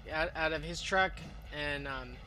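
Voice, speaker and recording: A man's voice: a little high, normal speed, very noisy. A man narrating as game master of a tabletop game in a rambling way, full of fillers and restarts.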